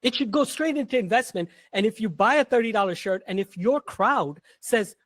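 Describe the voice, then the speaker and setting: High-voiced man, blunt and emphatic. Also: animated, brisk, few pauses, fairly bright tone, no room sound. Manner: blunt, emphatic storytelling with slang. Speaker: guest, entrepreneur. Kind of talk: casual podcast conversation.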